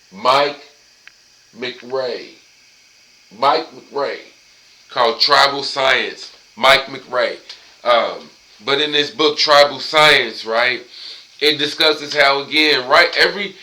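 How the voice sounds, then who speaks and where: Man, middle-aged, very bright sharp voice, casual profane solo monologue, rambling. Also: medium pitch, low-quality recording. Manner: loose, profane street talk, rambling with tangents. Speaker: podcast host.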